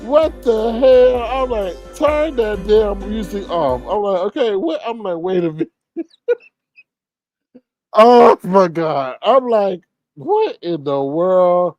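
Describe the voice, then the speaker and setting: A man reacts to clips on his commentary channel, talking bluntly and sounding exasperated. He speaks slowly and drawls, with a dry, close sound and faint music behind him. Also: high-pitched, very animated, darkish tone, no room sound, dull audio. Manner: blunt, exasperated, laughing asides.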